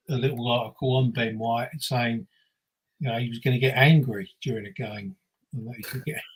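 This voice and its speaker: A man's voice: medium pitch, breathy edge, poor audio. A man speaking as a panel guest on a live stream, hesitant with many fillers and a chuckle. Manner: hesitant, chuckling, friendly sign-off. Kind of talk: casual chat on a live stream.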